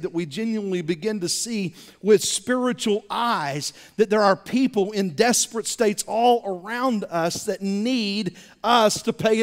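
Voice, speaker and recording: High-voiced pastor preaching in a reverberant sanctuary. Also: male voice. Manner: animated, repeats words while building to points, rising loud emphasis. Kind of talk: sermon. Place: church sanctuary.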